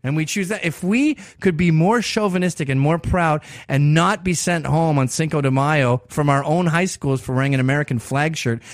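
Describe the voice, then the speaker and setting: A man with a slightly high voice rants through a provocative, sarcastic podcast monologue full of swearing. His pitch swings widely as he mocks and jabs. The sound is dry and close, with no room around it. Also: no room sound. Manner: profane, provocative, sarcastic ranting. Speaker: podcast host. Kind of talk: opinion monologue.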